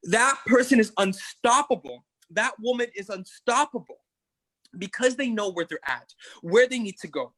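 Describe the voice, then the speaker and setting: A man's voice: high voice, lively intonation, normal speed, a bit bright, no echo, rough recording. A man coaching a weight-loss group, talking emphatically and often checking in with "right?". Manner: emphatic, keeps asking "right?". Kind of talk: motivational group talk.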